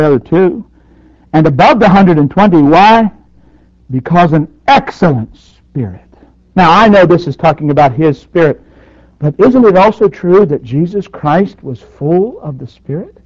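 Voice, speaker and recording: Preacher guy, high voice that swoops all over, rises then drops soft, dull dry old recording. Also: no room sound. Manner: dynamic preaching, surging loud then dropping soft. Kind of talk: sermon.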